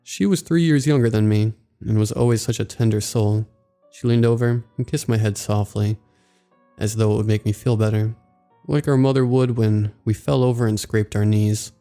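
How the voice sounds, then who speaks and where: Low voiced guy reading a scary story, measured, raspy fry, quiet music under it. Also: steady tone. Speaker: story narrator. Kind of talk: scripted horror narration. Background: faint background music.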